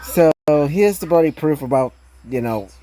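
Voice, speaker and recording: A woman's voice: deep voice, expressive, normal speed, mellow, low-quality recording. A woman reading the lines of a blunt young male demon hunter who swears casually with British slang. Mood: gruff.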